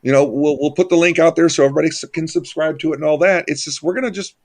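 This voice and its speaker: A man's voice: fairly high pitch, steady tone, rapid-fire, a little mellow. A man hosting a casual group chat, rambling and enthusiastic with many restarts. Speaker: channel host.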